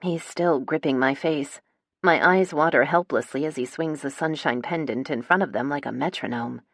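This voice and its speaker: A woman's voice: low-pitched, normal speed, dry recording. A woman narrating a first-person romance audiobook in a wry, dramatic storytelling manner, on a close studio mic.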